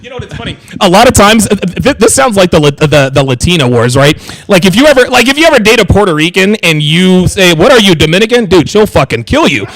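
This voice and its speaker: A man's voice: high voice, quick pace, hardly any pauses, no echo, rough recording. An American man hosting a casual livestream chat, joking and restarting his sentences often. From United States. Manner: animated, joking, many restarts. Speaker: livestream host.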